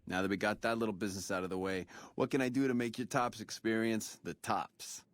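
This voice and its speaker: An actor playing a slick, smooth-talking casino doorman in a video game, full of lounge slang. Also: on the low side, steady tone, fairly quick, no room sound, natural voice. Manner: jive lounge slang, calls people baby.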